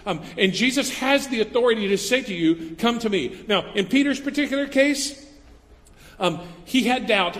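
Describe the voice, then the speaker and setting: A man's voice: very high voice, animated, moderate pace, a bit bright. A male pastor preaching a sermon in a church, often stopping to correct himself mid-sentence. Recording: long reverb of a large hall.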